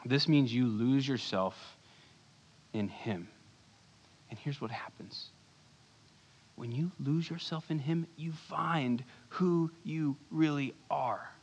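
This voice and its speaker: A man preaching a sermon as pastor, earnest, moving between urgent bursts and hushed low lines. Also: slow, long pauses, breathy edge. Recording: long hall reverb.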